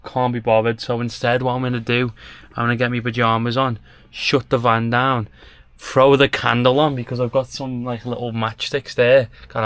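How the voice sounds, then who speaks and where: A man's voice: medium pitch, fairly bright tone, no room sound. A young man, chatting casually to camera in a campervan, rambling with lots of fillers. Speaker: travel vlogger. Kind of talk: casual vlog chat to camera. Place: inside a small campervan.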